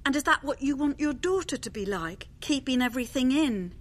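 A woman doing a gently coaxing friend. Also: high-pitched, expressive, brisk. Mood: encouraging.

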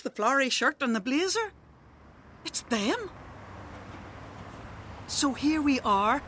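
Woman, dramatic monologue narrator, confiding, lively, slightly high pitch.

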